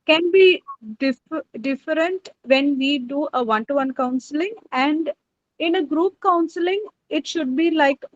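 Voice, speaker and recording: High-voiced woman asking a question. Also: unhurried, no echo, muffled recording. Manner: hesitant, asks a question. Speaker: workshop participant.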